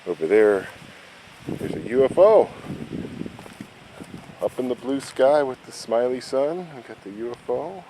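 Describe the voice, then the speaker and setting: Low-voiced dad telling a chalk story. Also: male voice, a little hiss or hum. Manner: animated storytelling, drops to hushed tones. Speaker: father. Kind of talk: storytelling narration.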